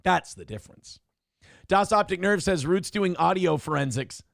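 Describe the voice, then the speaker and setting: A man with a high-pitched voice hosts a casual livestream, reading out chat messages. He is loud and joking, jumping between shouts and low mutters. The sound is dry and close to the mic. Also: animated, moderate pace, vocal fry, dry recording. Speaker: show host reading chat donations.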